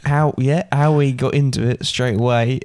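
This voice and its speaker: A man's voice: mid-range voice, fairly even intonation, normal speed, a little mellow, dry recording, studio quality. A man co-hosting a podcast with his father, chatting casually and joking. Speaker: podcast co-host. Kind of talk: casual chat.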